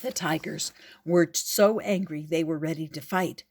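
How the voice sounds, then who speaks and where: An older woman reading a picture book aloud in a gentle, expressive way. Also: sits low, a little slow. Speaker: storyteller.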